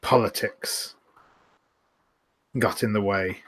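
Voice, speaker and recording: A man playing a tabletop game, speaking in character in a measured, proud way. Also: fairly low pitch, steady tone, a bit bright. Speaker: player.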